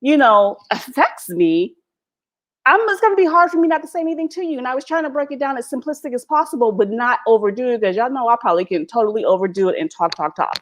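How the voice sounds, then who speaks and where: A woman's voice: fairly high pitch, expressive, quick pace. A woman ranting brashly and profanely to her live stream viewers, laughing often, recorded at home on a laptop mic. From United States. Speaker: vlogger hosting a live stream. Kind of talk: candid unscripted rant to viewers. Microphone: laptop built-in mic.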